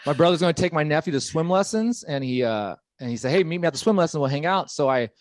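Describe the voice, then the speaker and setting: Doing stand-up comedy, this young Californian often acts out the voices of the characters in his jokes. He speaks fast in a higher-pitched, expressive voice, and the recording has no echo.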